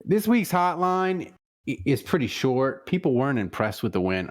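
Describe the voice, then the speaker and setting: A man hosts a casual sports podcast with lots of laughter and banter. His voice swings up and down freely, sitting at a mid pitch. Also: big pitch swings, moderate pace. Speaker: podcast host.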